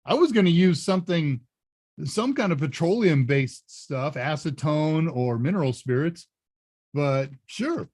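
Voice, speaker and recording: A man's voice: on the high side, animated, unhurried, a little mellow, dry recording. Chatty man hosting a live Q&A. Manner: chatty, jokey, thinks aloud. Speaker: live Q&A host. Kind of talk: casual live-stream chat.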